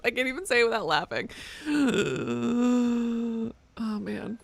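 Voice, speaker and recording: A woman's voice: fairly high pitch, slow pace, gravelly, pauses often, husky. A young woman streaming a game, talking casually with sarcastic, self-mocking jokes and snatches of song. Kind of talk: casual live-stream commentary.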